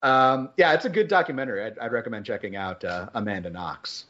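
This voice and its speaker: Male podcast host, casual rambling chat, mid-pitched voice, slightly dull audio. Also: fast talker. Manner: rambling and animated, with many fillers.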